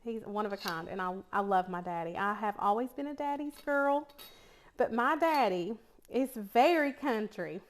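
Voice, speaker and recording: A woman's voice: mid-range voice, animated, normal speed, a little hiss or hum. A middle-aged woman with an East Tennessee accent, chatting casually and telling stories while she cooks, laughing often. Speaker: cooking vlogger. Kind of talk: casual chat while cooking.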